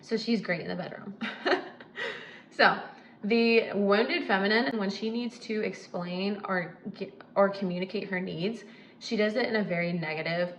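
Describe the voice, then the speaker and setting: A woman's voice: lowish voice, a bit bright, reverberant, a little hiss or hum, poor audio. A woman talking casually and emphatically to the camera as host, with frequent asides and light laughs. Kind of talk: casual advice talk.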